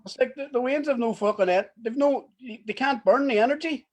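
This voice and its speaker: A man, co-hosting a casual podcast from home, swearing freely and breaking into loud laughter. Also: very high-pitched, fairly quick. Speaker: podcast co-host. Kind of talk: casual chat.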